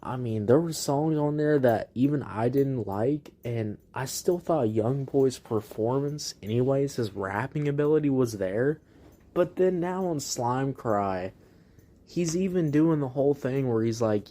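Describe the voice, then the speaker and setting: A man's voice: medium pitch, animated, measured pace, mellow. Blunt, profane man reviewing an album. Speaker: music reviewer host. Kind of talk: casual album review rant.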